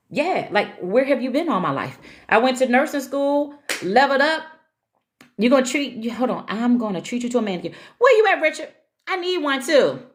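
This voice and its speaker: Woman, 40s, slightly low voice, folksy live-stream chat, greets viewers.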